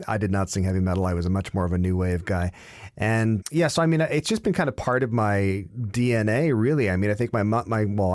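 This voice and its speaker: A man with a fairly low voice answers questions as an interview guest. He rambles through his stories in a chatty, anecdotal way. The sound is dry and close, with no room around it. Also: darkish tone, dry recording. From Canada. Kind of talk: casual interview chat.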